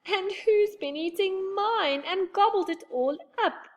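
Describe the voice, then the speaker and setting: A woman voicing a small, tearful baby bear in a storybook reading, squeaky and weepy. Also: takes it slowly.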